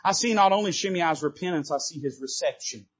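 A man with a high, husky voice preaches a sermon from the pulpit, swinging from loud emphatic bursts to quiet asides and tossing quips to the congregation. The church recording sounds dull and lo-fi. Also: fairly quick. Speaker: Baptist preacher.

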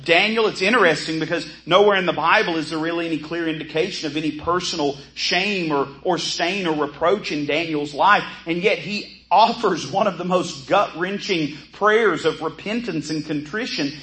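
A man's voice: a little high, moderate pace, few pauses, pushed and bright, rough recording. A man teaching a Bible course, earnestly explaining and reading scripture aloud with pleading emphasis.

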